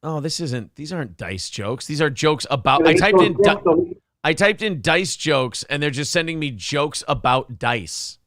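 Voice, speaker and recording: A man's voice: fairly high pitch, expressive, measured pace, a bit bright, no echo, studio quality. A man hosting a casual comedy podcast, riffing mock stand-up jokes and laughing often. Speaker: podcast host.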